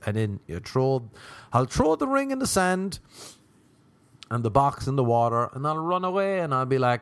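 A young Irish man performing a stand-up comedy monologue, animated, and often jumping high in pitch when acting out other people. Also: normal speed, clear, resonant tone, dry recording. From Ireland.

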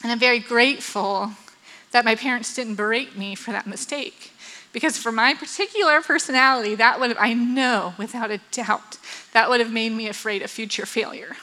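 A woman's voice: fairly high pitch, normal speed, bright, forceful tone, poor audio. A woman with children tells a personal story, acting out the quotes and laughing often. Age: adult with children. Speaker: speaker telling a personal story.

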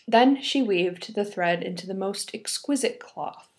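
A woman's voice: medium pitch, measured pace, a little mellow. A young woman reading a fairy tale aloud, breaking off for playful, giggly asides. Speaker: podcast host. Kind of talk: storytelling with casual commentary.

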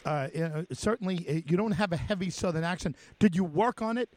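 A male radio host with a New York accent, his voice sitting a little high for a man. He talks casually and stumbles along with frequent fillers and false starts. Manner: halting, many fillers and restarts.

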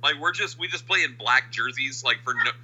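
A man's voice: mid-range voice, fairly quick, pushed and bright, husky, muffled recording. A man co-hosting a casual podcast chat, joking in a wry way. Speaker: podcast co-host.

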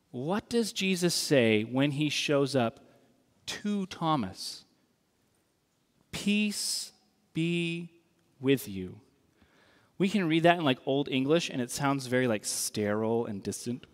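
A man's voice: fairly high pitch, animated, measured pace. A male pastor preaching a sermon in a conversational, earnest and wry way. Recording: long reverb in a large hall.

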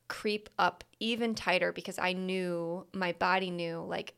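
Female host, reflective solo talk, lots of "like," gravelly yet smooth tone. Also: lowish voice, flat delivery, a little slow, fairly bright tone. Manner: candid, reflective, frequent "like" fillers. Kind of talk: candid personal monologue.

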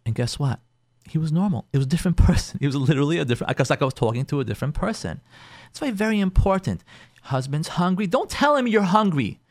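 Animated rabbi with a lively voice. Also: male voice, a little high, fast, no room sound, studio quality. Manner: animated, repeats phrases for emphasis; acts out quoted people in shifting voices. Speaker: rabbi and counselor hosting a call-in advice show. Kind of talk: advice talk with storytelling.

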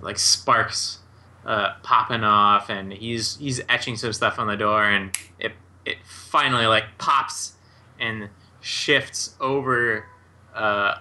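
A man's voice: lowish voice, pushed and bright. A man narrating a tabletop game as game master, loose and full of fillers.

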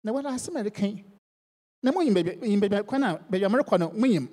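A woman preacher delivers a sermon that moves between English and a local language. Her voice is warm and relaxed, and the sound carries the long echo of a big hall. She drops to near-whispers and then rises to loud, ringing lines. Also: medium pitch, quick pace.

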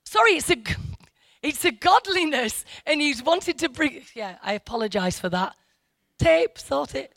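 A woman's voice: sits high, lively intonation, normal speed, vocal fry, a bit bright, no room sound. A woman giving informal Bible teaching to a church group, rambling and correcting herself with asides to her listeners.

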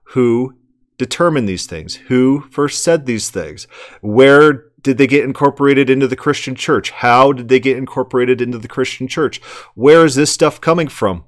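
A man's voice: medium pitch, normal speed. A man commenting on a sermon clip, emphatic and argumentative, asking rhetorical questions and often repeating words.

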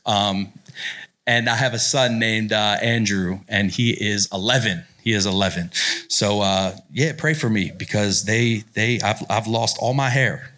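A man in his late thirties, a pastor giving a playful, loud, joking talk to a youth retreat crowd. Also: fairly low pitch, steady tone, unhurried. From Italian-American. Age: 30s. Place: retreat hall before a live audience.

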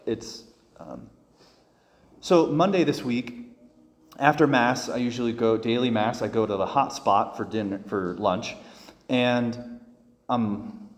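A man's voice: mid-range voice, long reverb tail. A man, a priest, delivering a conversational homily full of personal stories, with frequent restarts and fillers.

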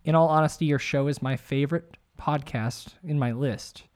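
A man's voice: on the high side, normal speed. A man co-hosting a podcast, reading listener tweets aloud and laughing with the others. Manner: lively, laughing, reads messages out. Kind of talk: casual podcast chat.

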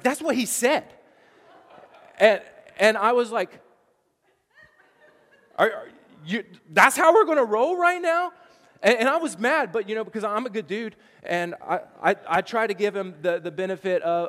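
A man's voice: high-pitched, long reverb tail. A man preaching a sermon as pastor, telling a chatty story with frequent stammered restarts.

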